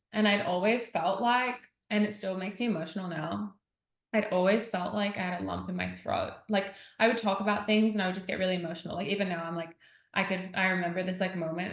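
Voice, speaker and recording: A woman's voice: medium pitch, roomy sound. A woman talking as a podcast guest in casual conversation, chatty and full of "like", retelling what others said. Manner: chatty, heavy use of "like", retells others' words. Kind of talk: casual interview chat.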